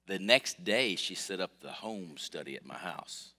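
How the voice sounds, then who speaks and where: A man preaching a sermon as pastor, telling a personal story with his voice swinging from soft to loud. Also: low voice, lively intonation, unhurried, hardly any pauses. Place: church sanctuary. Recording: long hall reverb.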